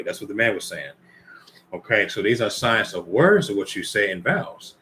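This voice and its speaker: A man's voice: fairly low pitch, big pitch swings, moderate pace, pushed and bright, a little hiss or hum. A man giving informal Bible teaching, reading scripture aloud and commenting conversationally while speaking directly to the brothers and ladies listening.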